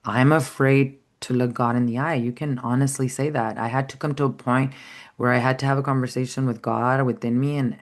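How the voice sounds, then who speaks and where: A woman's voice: extremely low pitch, fairly even intonation, a little fast. A woman giving an earnest, heartfelt spiritual teaching talk, rambling at times with frequent fillers.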